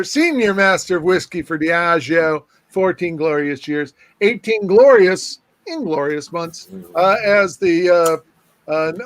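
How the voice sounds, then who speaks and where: High-voiced joking man host. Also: a bit bright, no echo. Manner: playful, teasing, self-mocking. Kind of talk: joking live-stream banter.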